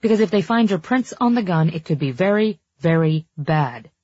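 Woman voicing a measured male lawyer; low, mellow, husky. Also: expressive, dry recording, highs cut off. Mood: probing. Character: male lawyer, earnest and probing.

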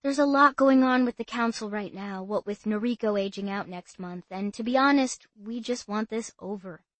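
A woman voicing a self-important young boy who acts as a club official, speaking in a brisk, officious way. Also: medium pitch, a bit bright, no room sound, natural voice.

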